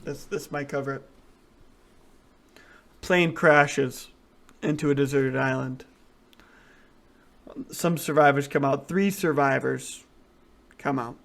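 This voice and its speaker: A man's voice: medium pitch, steady tone, slow, gravelly, long pauses. A man co-hosting a casual podcast, rambling through crude jokes with lots of restarts. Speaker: podcast co-host. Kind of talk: casual chat, crude joke telling.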